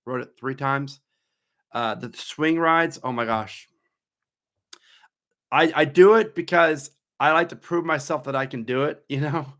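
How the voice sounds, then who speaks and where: His voice sits on the high side and sounds a bit bright. He's a theme park YouTuber in his thirties, casually answering viewer questions read aloud during a live stream, and he tends to ramble and chat.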